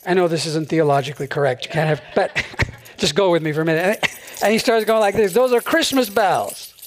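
A man with a notably high voice preaches to his congregation. He keeps it light and chatty, with frequent little laughs between phrases. His tone stays friendly and unhurried throughout. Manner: conversational, chuckles often between phrases. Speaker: pastor. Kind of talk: sermon. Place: church service.

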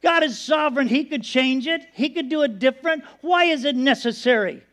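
A man's voice: very high voice, animated, brisk, a bit bright. A middle-aged man preaching, telling a personal story with earnest emotion and acting out the voices in it. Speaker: pastor. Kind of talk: sermon.

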